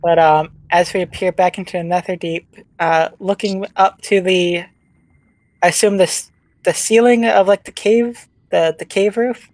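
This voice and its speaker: A woman's voice: lowish voice, fairly even intonation, moderate pace, darkish tone, no echo. A woman player in a tabletop game, speaking earnestly and sometimes in character. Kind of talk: casual tabletop play.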